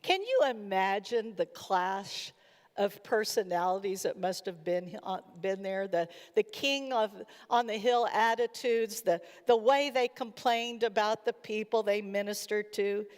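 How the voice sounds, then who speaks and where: A woman's voice: medium pitch, unhurried. A woman giving a chapel sermon in an earnest storytelling manner, retelling what people said. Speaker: chapel speaker. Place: college chapel. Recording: echoey hall reverb.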